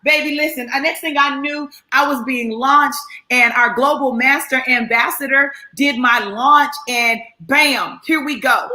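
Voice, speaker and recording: A woman talking excitedly as a guest on a live stream, emphatic and repeating herself for effect. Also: sits high, unhurried, roomy sound. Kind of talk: excited casual chat.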